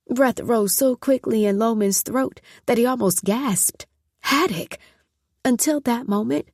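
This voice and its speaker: A woman narrating a story in a measured, scripted audiobook reading. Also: mid-range voice, darkish tone, no room sound, studio quality.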